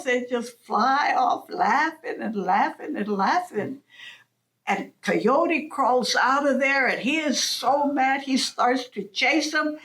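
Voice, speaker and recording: A woman storyteller with a high voice tells a folk tale at an unhurried pace. Her narration is animated and often breaks into chuckles.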